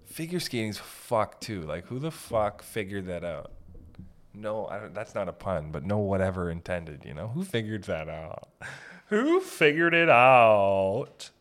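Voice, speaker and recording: A man with a fairly low voice rants through a casual comedy podcast. He swears constantly, rambles from thought to thought and breaks into laughter. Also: animated, moderate pace. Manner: profane, rambling, laughs often, jumps into silly voices. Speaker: podcast host.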